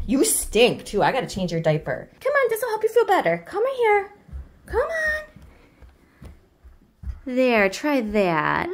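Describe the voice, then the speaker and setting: A woman's voice: high voice, a bit bright. A woman in her thirties, a mom doing playful pretend play with her child, fussing over her like a mother with a baby in a sing-song, exaggerated way. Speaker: mom in family kids' videos.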